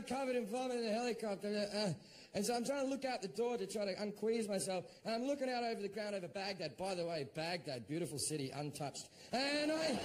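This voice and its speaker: A middle-aged Australian man doing stand-up, telling a story in a profane, animated way and shouting out his own quoted lines. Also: high voice. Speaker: stand-up comedian.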